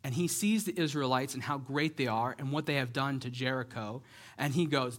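A man preaching a sermon, retelling a Bible story in a lively, conversational way and acting out the characters' lines. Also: medium pitch, normal speed. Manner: conversational, checks in with "right?".

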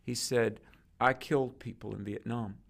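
Gravelly man telling a story. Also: mid-range voice, normal speed. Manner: animated storyteller acting out quoted dialogue. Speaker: guest preacher. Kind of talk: storytelling in a conversation.

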